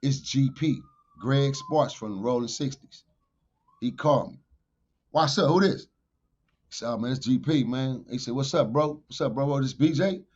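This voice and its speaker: A man, a podcast guest, telling a street story in animated fashion. He swears freely and gets loud whenever he quotes himself. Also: medium pitch, moderate pace, lo-fi sound. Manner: profane, loud bursts when quoting himself.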